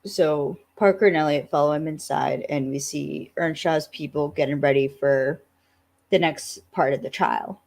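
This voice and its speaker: A woman co-hosting a podcast, casually recapping an episode with lively acted-out quotes and frequent laughs. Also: low-pitched, a little slow, creaky. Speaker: podcast co-host.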